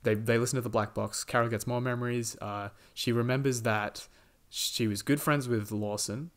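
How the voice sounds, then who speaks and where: A man's voice: mid-range voice, steady tone, normal speed. A man hosting a podcast, chatting casually about a movie and recapping the plot with lots of fillers and quoted lines. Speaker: podcast host.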